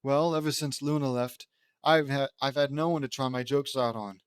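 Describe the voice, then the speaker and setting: A man's voice: mid-range voice, normal speed, smooth, dry recording, studio quality, close to an everyday voice. A man doing a gloomy teen girl activist. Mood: solemn. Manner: flat, solemn delivery. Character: gloomy teenage girl comedian turned activist.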